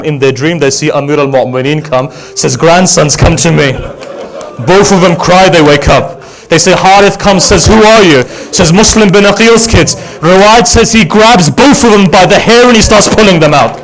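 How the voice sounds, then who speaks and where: A Shia religious speaker with a high-pitched voice narrates an emotional majlis sermon at normal speed. He tells a story dramatically, putting rhetorical questions to his audience as his voice swings from loud to hushed.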